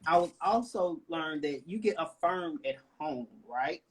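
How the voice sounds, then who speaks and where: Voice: mid-range voice, animated, unhurried, husky. Emphatic Southern-accented panelist. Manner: emphatic, repeats "right?" and "you know?". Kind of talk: impassioned panel talk.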